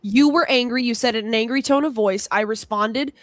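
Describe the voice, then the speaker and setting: Confrontational woman, high voice, swearing, dry close sound. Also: a little fast, no echo. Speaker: panel guest. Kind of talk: heated argument.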